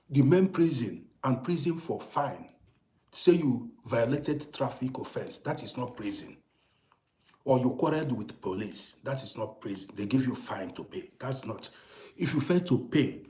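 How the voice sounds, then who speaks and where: Animated middle-aged man telling a story. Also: mid-range voice. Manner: animated, swings from hushed to loud and emphatic. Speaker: storyteller host. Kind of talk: casual storytelling monologue. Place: living abroad in Germany.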